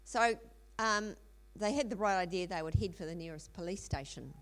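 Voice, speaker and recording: A woman's voice: lowish voice, moderate pace, a bit bright. A middle-aged woman telling a story in a sermon, earnest, with frequent ums and restarts. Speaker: speaker in a church teaching series.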